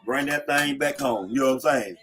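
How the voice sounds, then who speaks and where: Sitting in a car, a middle-aged man from Atlanta, USA casually tells old street stories in slangy speech, often dropping "you know what I'm saying." His mid-range voice is fairly quick and a bit bright, with faint music in the background.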